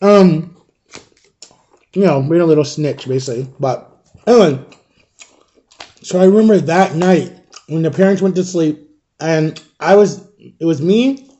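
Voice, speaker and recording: High mellow voice, guy in his 30s telling a storytime on his vlog, animated. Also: unhurried, long pauses, dull audio. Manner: animated, acts out the people in his stories. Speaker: storytime vlogger. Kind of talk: casual storytelling.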